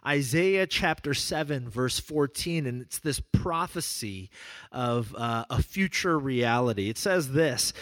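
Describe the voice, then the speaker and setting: A middle-aged man preaching a sermon, telling a personal story in a relaxed, conversational way and dropping softly on key words. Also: medium pitch, measured pace, dry recording. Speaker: pastor.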